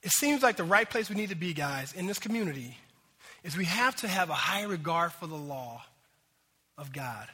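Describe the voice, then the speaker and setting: A man preaching a sermon in an animated, conversational way, talking straight to the congregation. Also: a little high, normal speed, slightly rough. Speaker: pastor. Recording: long hall reverb.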